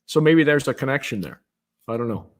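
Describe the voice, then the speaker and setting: A man's voice: mid-range voice, expressive, brisk. Candid opinionated male guest on a call. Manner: opinionated, candid, self-deprecating. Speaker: guest, marketing executive. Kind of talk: casual video chat interview.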